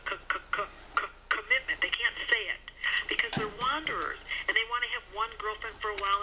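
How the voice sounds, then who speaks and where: A middle-aged woman hosting a radio advice show, talking animatedly and acting out what her clients say. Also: medium pitch. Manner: animated, acts out quoted voices of clients. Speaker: radio show host and astrologer. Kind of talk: radio talk show monologue. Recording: radio broadcast with background noise.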